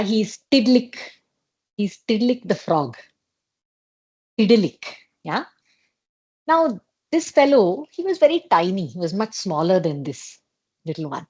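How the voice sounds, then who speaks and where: A woman with an Indian accent, an educator telling a children's story in a playful, expressive way over a video call. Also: mid-range voice, slightly rough. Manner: expressive, playful, with emphatic repetition.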